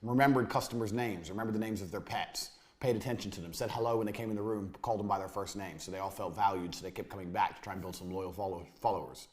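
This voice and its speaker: A man giving a blunt, crude business lecture in a university room. He swings between loud, forceful emphasis and low, muttered asides. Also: fast, hardly any pauses. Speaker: business speaker.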